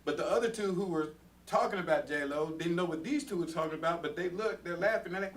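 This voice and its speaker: A man with a fairly high voice leads a Bible study in an earnest, plain-spoken way, acting out everyday arguments for his listeners. He sits some way from the microphone, and a faint hiss runs under his voice. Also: fast talker. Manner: earnest, talks to the room, acts out everyday quarrels. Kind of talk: conversational Bible study sermon. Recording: distant mic with faint background noise.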